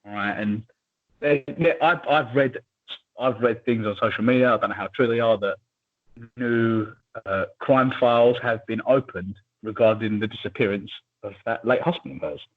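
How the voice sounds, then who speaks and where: A man co-hosting a podcast in casual chat, chatty and animated, with quick asides and a husky voice. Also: medium pitch. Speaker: podcast co-host. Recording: tinny phone-like line.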